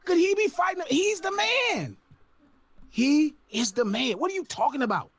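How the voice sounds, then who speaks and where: A man's voice: very high voice, lively intonation, normal speed, a bit bright. A man on a podcast, ranting with profanity and exasperation. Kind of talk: heated podcast rant.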